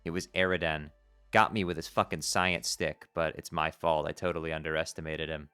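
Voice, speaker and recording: A man voicing a weary, blunt teenage troll boy, in a low, flat, mumbled read. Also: fairly quick, smooth, no room sound, faint music behind.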